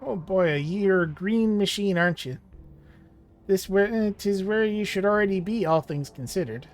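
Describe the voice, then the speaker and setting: A man's voice: high voice, normal speed, soft background music, lightly acted. A man voicing a chatty old male robot with a folksy, chummy way of talking, as he reads a game character aloud.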